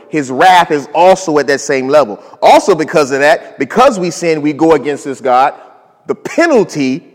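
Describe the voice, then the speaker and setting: Man preaching in a reverberant hall. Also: fairly high pitch. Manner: emphatic preaching with swings between loud and soft. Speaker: pastor. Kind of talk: sermon.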